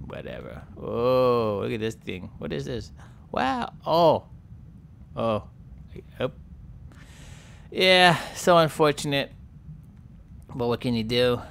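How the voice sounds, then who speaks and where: A man's voice: mid-range voice, very animated, slow, creaky, long pauses, fairly bright tone, heavily acted. A man voicing a sulky young male sperm whale who mutters and complains about being teased. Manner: mopey, muttering, self-pitying. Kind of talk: playful game commentary role-play.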